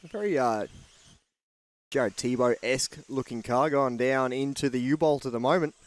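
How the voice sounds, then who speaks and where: A man giving play-by-play race commentary with steady lap calls. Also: mid-range voice, moderate pace.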